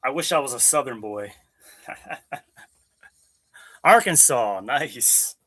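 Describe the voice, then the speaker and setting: A young man from Maryland with a bright, forceful tone talks loosely between sets. He rambles, swears freely and answers his chat as if among friends. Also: mid-range voice, moderate pace. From Maryland, USA. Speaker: fitness vlogger. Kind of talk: casual chat with live chat during workout. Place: home gym.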